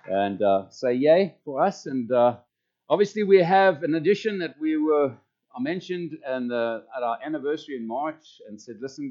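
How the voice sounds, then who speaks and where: A man's voice: mid-range voice, darkish tone, highs cut off. A man speaking as a pastor, giving rambling, chatty announcements to his congregation. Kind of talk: church announcements.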